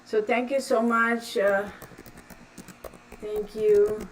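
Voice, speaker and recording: Drawing out her words in a flat, mid-range voice, a Texan livestream host reads viewer comments in casual chat, calling folks sweetheart and growing emotional. Her distant mic picks up faint background noise.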